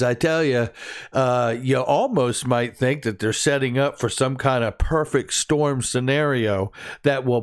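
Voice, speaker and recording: A man runs through the day's crypto headlines in a loose, conversational way. He is upbeat and enthusiastic, tossing in jokes and laughing at his own quips as he goes. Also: mid-range voice. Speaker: crypto news channel host. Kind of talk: casual crypto news commentary.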